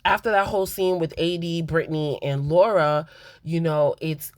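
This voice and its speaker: A woman's voice: low-pitched, fairly even intonation, normal speed, no echo, clean studio sound. A woman hosting a reality TV recap, talking candidly and emphatically straight to her viewers in a casual, opinionated way.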